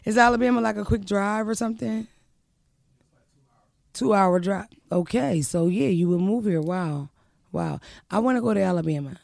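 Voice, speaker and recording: A young woman hosting a casual podcast chat, loud, brash and profane, with animated whoops. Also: mid-range voice, moderate pace, creaky, dry recording, studio quality. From Philadelphia. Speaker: podcast host.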